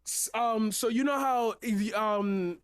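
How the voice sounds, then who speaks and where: High-voiced young man telling a rambling story. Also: slow pace, smooth, no room sound, studio quality. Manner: rambling, laughing, swearing freely. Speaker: poet guest on a stream. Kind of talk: casual storytelling chat.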